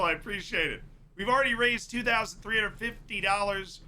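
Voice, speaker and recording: Male streamer host, casual excitable football chat, very bright tone. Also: high voice, fairly quick. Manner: chatty, excitable, jokey. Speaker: streamer hosting a World Cup watchalong. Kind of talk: casual live-stream commentary.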